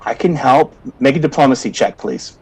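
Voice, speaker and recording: A man's voice: medium pitch, animated, moderate pace, husky, low-quality recording. A man in a tabletop game, calling for rolls in a casual, playful way. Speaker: game master.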